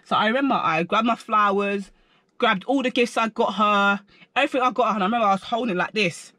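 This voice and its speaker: A young man telling a story in a slangy, animated storytime vlog. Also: sits high, quick pace, no room sound. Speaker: vlogger.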